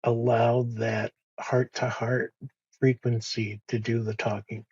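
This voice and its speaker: A man speaking as a podcast guest in a slow, soft-spoken, reflective way, pausing often and restarting his sentences. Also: medium pitch, little pitch movement, husky, no echo, highs cut off. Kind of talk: reflective conversation.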